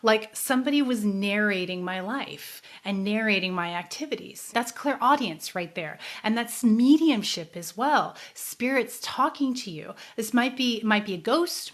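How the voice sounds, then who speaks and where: A woman, a psychic medium hosting her own show, telling her life story in a casual, earnest and emotional way, her voice softening when sad memories come up. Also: mid-range voice. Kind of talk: casual personal storytelling to a live audience.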